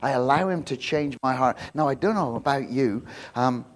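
A man preaching a sermon as pastor. He gets loud and high on emphasis, drops low and quiet for stories, and restarts his words often. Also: moderate pace. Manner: animated, loud and rising on emphasis, with many restarts.

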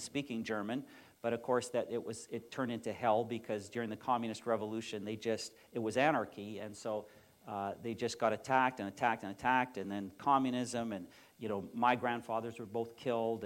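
Middle-aged pastor preaching conversationally. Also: male voice, mid-range voice. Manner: conversational, with fillers and restarts. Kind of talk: sermon.

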